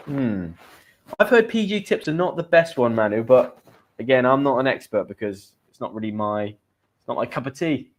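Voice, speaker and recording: A man's voice: medium pitch, lively intonation, moderate pace. A man with a British accent teaching English in a live stream. He chats casually with viewers, greeting them and reading their comments aloud. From Great Britain.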